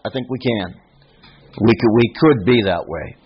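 A man preaching a sermon in a reflective, unhurried teaching manner, often restarting his phrases. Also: fairly low pitch, lively intonation, muffled recording, slight background noise.

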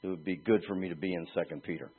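A man preaching a sermon in an animated way, moving between quiet asides and shouted emphasis, with a husky voice. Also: sits low, very fast. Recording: tinny phone-like sound.

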